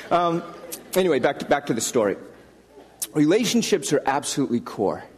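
A man's voice: mid-range voice, very animated, a little fast, big-room sound. A man preaching a conversational sermon, telling stories and acting out the people in them with their own voices. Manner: conversational, acts out quoted characters with voices. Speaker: pastor. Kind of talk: sermon with storytelling.

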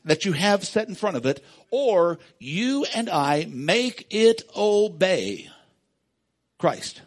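A man preaching a sermon as pastor, emphatic, repeating key phrases and calling out to the congregation. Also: high-pitched.

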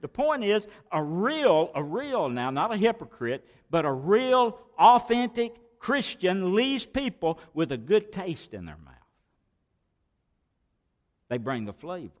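Man preaching, slow and deliberate, higher-pitched, long reverb of a church hall. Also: sing-song. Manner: emphatic, repeats key phrases. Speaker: pastor. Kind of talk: sermon.

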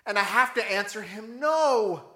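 Expressive and speaking at a normal speed, a pastor with a high, bright voice preaches a sermon. He tells the story with animation and rattles off rhetorical questions, his voice echoing as if in a church sanctuary.

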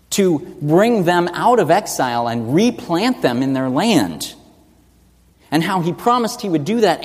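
A man's voice: on the high side, a little mellow. A man preaching an expository sermon, teaching earnestly and asking rhetorical questions. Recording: long reverb of a large hall.

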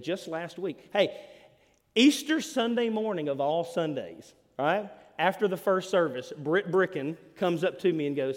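Brief: male pastor, slightly high voice, self-mocking, live sermon with long hall reverb. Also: normal speed. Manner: self-deprecating and animated, quoting himself. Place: church sanctuary.

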